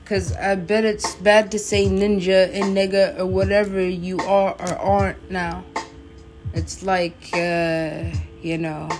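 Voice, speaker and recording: Rambling woman freestyling over a loud beat. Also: fairly low pitch, flat delivery, takes it slowly, music in the background. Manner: giggly, rambling, talks to herself and the beat. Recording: beat playing loudly behind.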